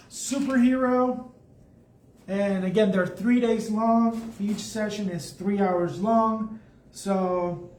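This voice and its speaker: Painting live for a tutorial, a man talks chattily and thinks out loud, his voice sitting high with a darkish tone. The sound is echoey and distant, with faint background noise.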